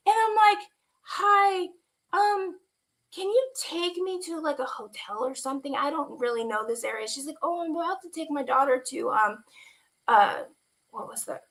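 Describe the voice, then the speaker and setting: A woman telling an emotional personal story as a guest, animated and quoting the people in it, laughing at times and close to tears. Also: high voice, normal speed. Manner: animated retelling with quoted dialogue, laughing and near tears. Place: online stream.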